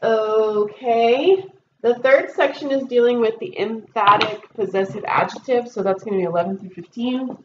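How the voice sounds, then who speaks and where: A woman's voice: a little high, moderate pace. A woman teacher in a classroom, patiently walking her students through a test with many ums and okays. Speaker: Spanish teacher. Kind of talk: recorded test review lesson. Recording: dull roomy recording with faint noise.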